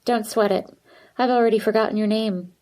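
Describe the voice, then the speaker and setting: A woman's voice: on the high side, steady tone, brisk, dark tone, pitched above the performer's own voice, natural voice. A woman voicing an aloof, popular teenage girl who talks in a dry, offhand way.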